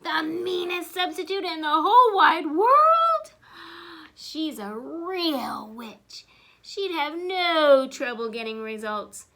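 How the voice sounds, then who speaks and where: A woman voicing a group of loud, excited schoolkids on a football team. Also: slow, heavily acted. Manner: excited, loud, high-pitched.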